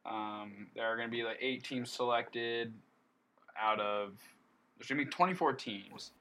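A man hosting a casual esports podcast, relaxed and rambling with lots of fillers. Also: mid-range voice, a little slow, a little hiss or hum. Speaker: podcast host.

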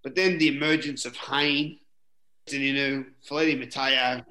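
A man's voice: mid-range voice, fairly even intonation, unhurried, pushed and bright. A middle-aged Australian man, a former rugby league player, telling rambling stories in a casual interview, full of "you know" and the odd swear. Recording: roomy echoing room.

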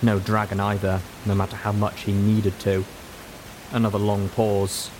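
A man narrating an audiobook story in a measured, dramatic manner. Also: on the low side, monotone, background noise. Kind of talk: scripted narration.

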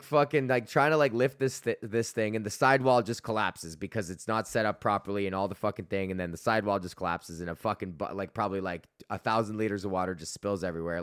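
A man's voice: on the low side, a bit bright, clean tone, no room sound, clean studio sound. A young man hosting a podcast, telling a rambling, profane story full of fillers and laughing at himself. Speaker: podcast host. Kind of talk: casual storytelling rant.

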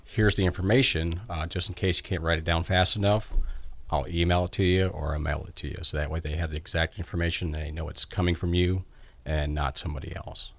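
Deep-voiced man explaining calmly. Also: vocal fry. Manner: measured, many ums. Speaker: cybersecurity guest. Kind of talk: explaining in an interview.

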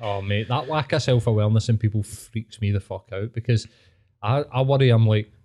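A man's voice: on the low side, brisk, warm tone. A Scottish man co-hosting a podcast, chatty and sweary, often laughing along in casual chat.

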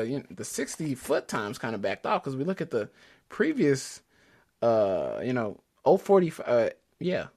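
Excitable man with a lively voice. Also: medium pitch. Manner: excitable, enthusiastic, stumbling restarts. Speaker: podcast co-host. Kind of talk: casual chat about drag racing.

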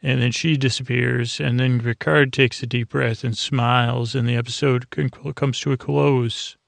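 A man hosting a bedtime podcast, recapping a TV episode in a drowsy, meandering way with many fillers, and reading quoted lines flatly in his own voice. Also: medium pitch, measured pace, gravelly, no echo. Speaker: podcast host.

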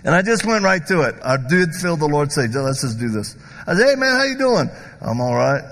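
A man preaching a sermon who tells stories in an animated, joking way and acts out the voices of the people in them. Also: a little high, a little fast. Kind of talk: sermon with storytelling. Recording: long hall reverb.

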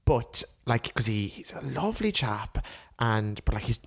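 A young man with an Irish accent, telling a story on a podcast in a lively, sweary way and acting out what people said. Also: mid-range voice, a little slow, gravelly. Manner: animated, sweary, acts out quotes. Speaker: podcast co-host. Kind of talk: casual chat, storytelling.

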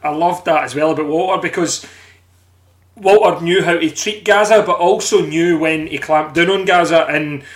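A Scottish man on a podcast panel, telling animated stories in casual chat and swearing freely. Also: a little high, moderate pace. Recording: live podcast stream.

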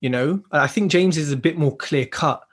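A man's voice: fairly high pitch, normal speed. A man, co-hosting a podcast and talking reflectively in casual chat. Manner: reflective, leans on "you know" and "right". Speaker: podcast co-host. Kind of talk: casual conversation.

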